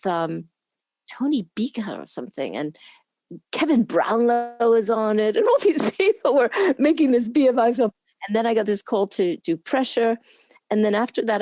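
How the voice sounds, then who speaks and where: A woman in her seventies, originally from New York, recounts her past as an interview guest in an animated, chatty way, often laughing and acting out the people she quotes. Her voice sits at an ordinary middle pitch for a woman. The recording is close and dry, with almost no room sound. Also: dry recording. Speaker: guest, former camera assistant. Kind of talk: casual interview storytelling.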